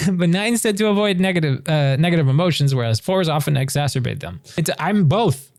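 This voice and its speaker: Gravelly streamer reading aloud. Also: male voice, on the high side, lively intonation, darkish tone, dry recording, clean studio sound. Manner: reads aloud with quick asides and laughs, stumbles on words.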